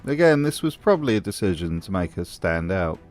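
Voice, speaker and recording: A man narrates his commentary with dry, teasing mockery. His voice sits a little low but swings widely in pitch. Faint music plays behind him. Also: very animated, brisk, darkish tone. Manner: dry, mocking. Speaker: video essay host. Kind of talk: scripted commentary voice-over.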